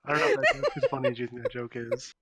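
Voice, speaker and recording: Brief: wry co-host, bright voice, lively pitch, casual chat. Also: male voice, racing. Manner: dry, wry remarks. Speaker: podcast co-host.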